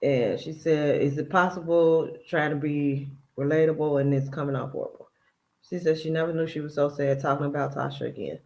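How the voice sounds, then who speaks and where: A man's voice: fairly high pitch, steady tone, brisk, vocal fry, a little mellow, poor audio. A man hosting a casual reaction commentary, chatty and picking apart another person's words as he quotes them. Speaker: commentary channel host.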